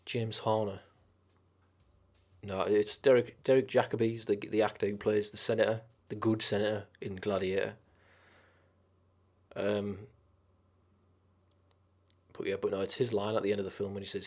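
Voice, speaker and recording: A man with a lowish voice talks loosely on a live stream and rambles from one film to the next. He swears freely and gets carried away with enthusiasm. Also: flat delivery, moderate pace, long pauses, darkish tone. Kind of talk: casual live-stream chat.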